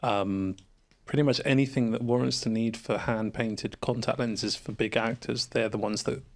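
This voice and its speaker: Gravelly-voiced makeup effects artist. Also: male voice, medium pitch, steady tone, normal speed. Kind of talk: casual chat.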